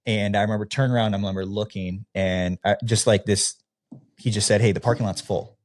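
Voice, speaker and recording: A man's voice: lowish voice, fairly quick. A man from the American Midwest, a former youth pastor, telling his personal story as a podcast guest in a casual, candid way, with frequent fillers as he acts out the dialogue he is recalling. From Midwestern United States. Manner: casual, relaxed, with frequent fillers, often acting out quoted dialogue.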